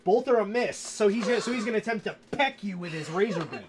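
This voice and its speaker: A man's voice: high-pitched, animated, fast, a crowd in the background. A man running a tabletop game as game master, narrating the action and often restarting his sentences.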